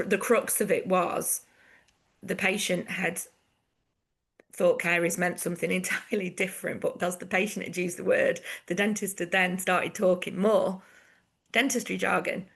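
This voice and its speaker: A woman's voice: medium pitch, gravelly, fairly bright tone. A woman hosting a professional chat, talking with enthusiasm and laughing often. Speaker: host from the association. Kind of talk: casual professional conversation.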